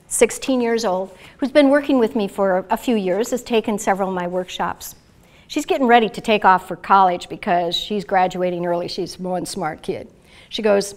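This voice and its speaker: A middle-aged woman, founder of a self-care method, calmly guides listeners through exercises and tells stories with enthusiasm. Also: fairly high pitch. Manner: calm, guiding, enthusiastic. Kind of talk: guided instruction and storytelling.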